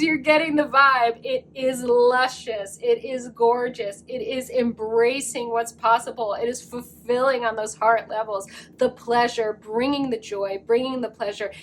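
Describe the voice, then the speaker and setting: A woman's voice: on the high side, steady tone, normal speed, few pauses, slight background noise. A woman giving a casual spiritual tarot reading to her viewers, effusive and rambling, with lots of fillers and frequent giggles. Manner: breaks into giggles. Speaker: tarot card reader.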